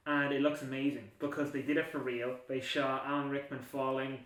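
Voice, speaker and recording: A man's voice: medium pitch, level tone, fairly quick, a bit bright, distant mic. A man hosting a casual film podcast, rambling and laughing as he talks. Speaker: podcast host. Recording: echoey room, off-mic.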